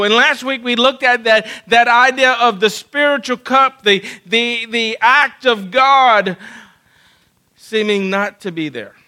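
A man preaching a sermon as pastor, earnest, often restarting and repeating words, moving between hushed, low passages and loud, emphatic stretches. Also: rough recording.

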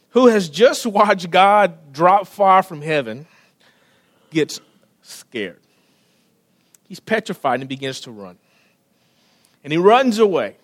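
A man preaching, reading scripture and then retelling the story in a casual, animated way, dropping to a hush for quiet moments and often repeating words. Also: high-pitched. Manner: casual, with slang and frequent word repeats.

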